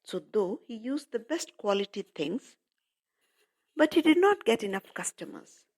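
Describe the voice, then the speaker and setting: A woman's voice: fairly high pitch, sing-song, a little slow, darkish tone, breathy edge. A woman teacher explaining a lesson to children, addressing them directly and repeating points.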